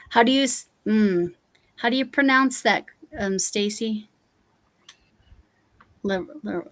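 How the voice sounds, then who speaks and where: A woman's voice: medium pitch, slow, pauses often, a bit bright. Chatty woman from Colorado hosting. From Colorado, USA. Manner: chatty and curious, musing aloud. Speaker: host. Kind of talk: casual livestream chat while crafting.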